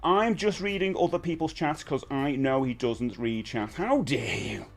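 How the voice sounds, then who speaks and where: A man's voice: on the high side, animated, moderate pace. A man, hosting a casual live stream and chatting with viewers in a rambling, friendly way. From United Kingdom. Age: 50s. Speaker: livestream host.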